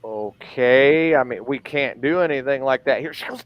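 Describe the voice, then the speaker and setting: Smooth-voiced man telling a blunt story. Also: medium pitch, moderate pace, no room sound. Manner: blunt, profane, acts out quoted dialogue. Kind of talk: casual storytelling.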